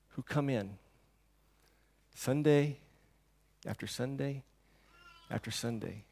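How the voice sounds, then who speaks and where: A male pastor preaching a sermon in a church, rising to loud emphasis and then dropping to a hush, often asking the congregation rhetorical questions. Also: mid-range voice. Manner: dynamic preaching, swings between hushed and loud.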